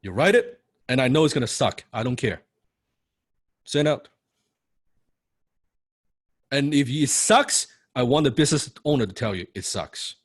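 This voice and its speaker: A man with a non-native English accent, coaching students in a blunt, forceful, profane and repetitive way. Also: medium pitch, animated, a little fast, slightly rough, no room sound, clean studio sound. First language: not English. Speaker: copywriting coach. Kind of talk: motivational coaching talk.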